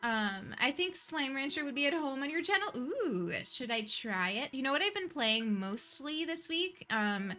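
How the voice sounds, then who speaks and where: A woman hosting a livestream, chatting casually and warmly with her viewers, emotional and laughing often. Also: high-pitched, sing-song, normal speed, few pauses, faint music behind. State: emotional, near tears. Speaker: livestream host.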